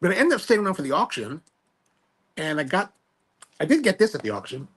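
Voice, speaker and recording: A man's voice: high voice, very animated, brisk, a bit bright, breathy edge. A man hosting a live stream, rambling casually and self-deprecatingly while reading viewer comments aloud. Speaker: livestream host.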